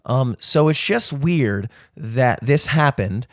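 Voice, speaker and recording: A man's voice: medium pitch, expressive, slow, no echo, clean studio sound. A man as a podcast guest in casual chat, ranting in a rambling, profane way.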